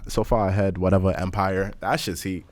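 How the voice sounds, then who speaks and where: A man's voice: low voice, steady tone, brisk, darkish tone, dry recording. A young man co-hosting a podcast, chatting casually in slang with frequent laughter. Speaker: podcast co-host. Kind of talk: casual chat.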